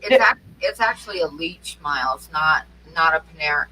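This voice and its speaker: A woman chatting casually as a guest, giving calm, matter-of-fact advice. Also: sits low, moderate pace, far from the mic, slight background noise, low-quality recording. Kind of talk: casual chat.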